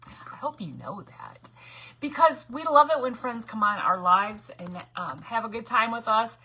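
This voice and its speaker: A woman hosting a casual crafting livestream from her home craft room, rambling and greeting viewers by name, with hushed asides. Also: a little high, expressive, unhurried, breathy edge. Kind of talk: casual live crafting chat.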